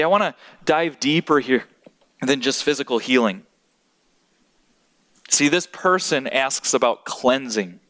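A man preaching a sermon, swinging from high exclamations down to low, hushed emphasis. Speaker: pastor. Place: church hall.

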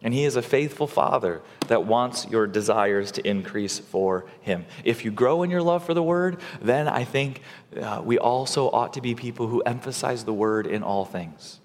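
A man's voice: mid-range voice, normal speed, big-room sound, slight background noise. A male pastor preaching a sermon in a conversational way, acting out quotes and building to emphatic points.

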